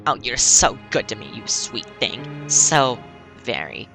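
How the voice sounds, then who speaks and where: A man voicing a scheming young woman who flatters the maid in a sugary, mocking way. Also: medium pitch, takes it slowly, gravelly, music in the background, exaggerated voice.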